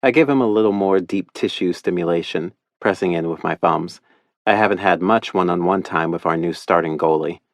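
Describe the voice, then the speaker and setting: Man, audiobook narrator, first-person reading, wry storytelling, very low voice, dry studio sound. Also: fairly quick, dry recording.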